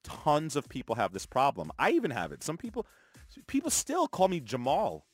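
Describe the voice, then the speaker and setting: A man with a Canadian accent co-hosting a morning radio show, playful and animated in casual banter. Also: on the high side, moderate pace, dry recording, clean studio sound, faint music behind.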